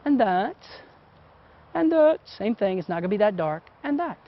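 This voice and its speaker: In a hands-on teaching demo, a middle-aged man explains photography while working, his high voice very animated at normal speed. He's chatty and casual and keeps asking "okay?". The recording sounds dull and muffled.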